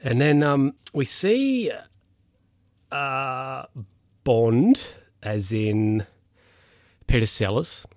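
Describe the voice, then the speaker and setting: A man's voice: mid-range voice, animated, very slow, pauses often, a little mellow, no room sound, studio quality. A man casually recapping a film's plot, rambling, with lots of fillers and self-corrections. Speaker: film recap host.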